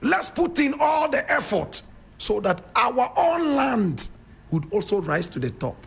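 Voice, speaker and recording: A man's voice: very high voice, very animated, unhurried, creaky, slightly rough. A Ghanaian man with a Ghanaian English accent giving a fiery, preachy radio monologue and calling his listeners brother and sister. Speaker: radio show host.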